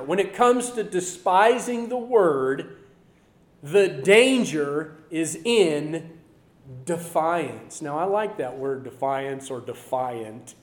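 Guy preaching a sermon, pretty high voice, earnest, gets loud then drops soft, roomy echo. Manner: earnest, swings between loud emphasis and quiet asides.

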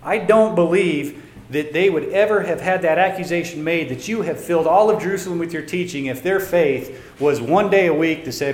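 A male pastor preaching a sermon, swinging between loud emphatic lines and quiet asides. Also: on the high side, animated, moderate pace. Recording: echoey room with faint ambience.

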